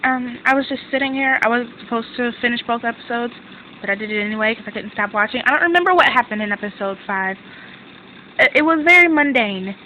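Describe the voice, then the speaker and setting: Young woman reviewer, bright forward voice, excitable rambling chat, a bit high, faint hum behind. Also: quick pace, low-quality recording. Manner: excitable, rambling, self-interrupting. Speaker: drama reviewer. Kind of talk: casual chat recap.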